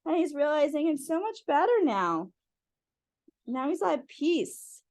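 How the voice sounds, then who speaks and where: Woman storyteller, high voice, dry close sound, talks straight to children. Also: sing-song, measured pace, a little mellow, no room sound. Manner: friendly, addressing kids directly. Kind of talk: reading picture books aloud to children.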